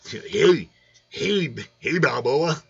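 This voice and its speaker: A man's voice: fairly high pitch, lively intonation, drawn-out words, creaky, slightly rough, dull audio. A man hosting a casual fish livestream, rambling and joking while greeting viewers by name. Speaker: aquarium channel host. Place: home room.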